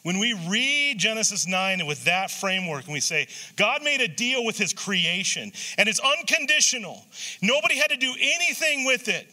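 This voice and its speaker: A man preaching a casual, joking sermon as pastor, animated and prone to restarts. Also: sits high, moderate pace.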